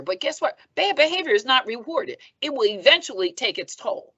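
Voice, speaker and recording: Seventies woman, reverend guest; emphatic, high, tight dry slightly muffled read. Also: brisk, husky, no room sound. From Philadelphia, US. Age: 70s. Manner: animated, emphatic, preacherly, punctuates with "okay?". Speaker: guest, reverend and foundation president. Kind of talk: conversational podcast interview.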